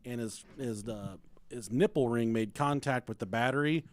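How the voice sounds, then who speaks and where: A man's voice: mid-range voice, normal speed. A man in his thirties co-hosting a podcast, telling crude stories full of swearing and mimicking his family. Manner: profane, storytelling, mimics family members. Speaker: podcast co-host. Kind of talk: crude casual chat.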